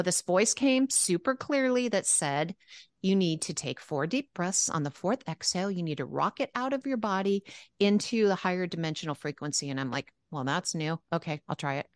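Woman, podcast co-host, low voice, dry close sound, earnest storytelling. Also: no echo. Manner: earnest storytelling, acts out her own quoted reactions. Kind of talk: casual spiritual podcast chat.

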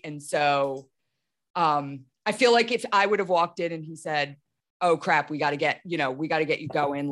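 A woman's voice: low voice, fairly bright tone. A woman in her thirties hosting a podcast, telling a story animatedly with lots of restarts and "like". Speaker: podcast host. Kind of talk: casual storytelling conversation.

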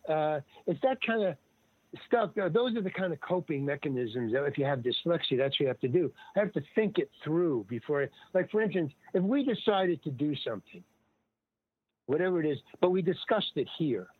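An older man, an interview guest, telling stories in a rambling, casual way, full of restarts and lively retold dialogue. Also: fairly high pitch, fairly quick, breathy edge, no room sound. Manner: rambling, with many restarts and animated retelling of dialogue. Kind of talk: casual storytelling. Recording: dry, tinny phone-like line.

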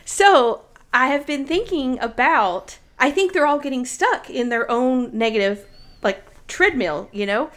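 A woman in her thirties co-hosting a casual chat, talking in a chatty, animated way and laughing often. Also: sits high, measured pace.

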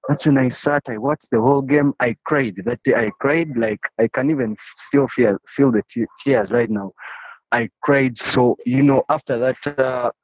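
Guy talking excitedly in an interview, a bit husky, dry dull recording. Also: medium pitch, normal speed, no room sound. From Uganda. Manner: passionate, repeats and restarts phrases. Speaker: interviewee, football fan. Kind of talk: casual storytelling in an interview.

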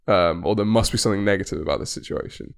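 Earnest, low-voiced man. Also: fast, vocal fry, clean tone. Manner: earnest, reflective, many "like" fillers. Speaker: podcast co-host. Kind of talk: casual chat.

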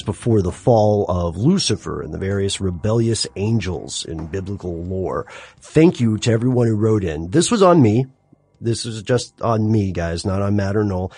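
Man, podcast co-host, husky voice, low pitch, dry sound. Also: no echo. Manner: animated, laughs often, lively emphasis. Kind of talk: casual chat.

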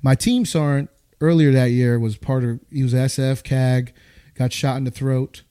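A man in his thirties from the United States casually tells a war story, animated and acting out the voices he quotes. His voice is medium-pitched and smooth, and he speaks at a moderate pace.

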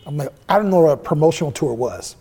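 A man's voice: on the high side, quick pace, gravelly, slightly rough. A middle-aged man telling stories in a casual interview, swearing freely and acting out the dialogue he quotes. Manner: profane, animated storyteller who acts out quoted dialogue. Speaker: interview guest, musician.

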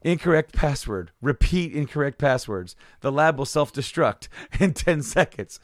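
A man's voice: a little high, expressive, moderate pace, no echo, clean studio sound, voice pushed up, lightly acted. A man voicing a stern computerized lab security system, giving clipped, mechanical announcements. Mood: robotic.

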